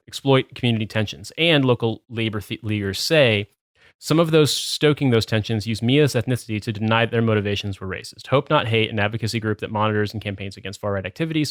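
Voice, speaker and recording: A man's voice: medium pitch, no room sound, clean studio sound. A man hosting a podcast chat, reading a news article aloud with sardonic asides and swearing. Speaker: podcast host.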